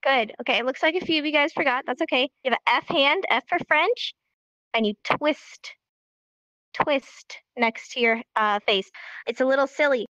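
A woman's voice: high-pitched, normal speed, pushed and bright, no echo. A woman teaching a live online sign language class in an upbeat, encouraging way, recorded as dull lo-fi stream audio.

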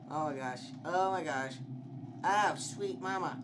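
A man's voice: a little high, a little slow, background noise. A young man giving commentary on a horror game, swearing often and shrieking when scared. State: slightly sick. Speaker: gameplay streamer.

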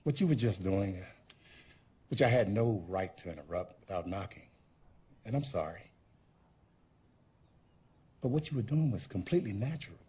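An actor playing an awkward, gentle father who speaks in a soft, apologetic, halting way. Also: fairly low pitch, expressive, husky. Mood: earnest. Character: awkward, gentle middle-aged father, overly earnest. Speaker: father in a horror film.

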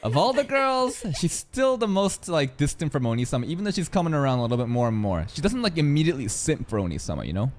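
An anime reaction streamer giving excitable, profane live commentary, talking straight at the screen. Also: medium pitch, fast talker, few pauses, a little hiss or hum.

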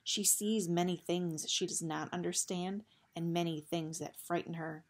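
A woman's voice: on the low side, steady tone, measured pace. A woman voicing a grave, guilt-ridden male bat warrior who speaks formally and stiffly, without contractions.

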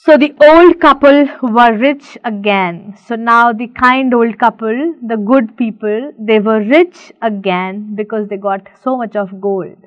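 A woman teacher from India reading a story aloud and stopping to explain each word, restating things slowly with fillers, on a dull, lo-fi recording. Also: a little high, no echo.

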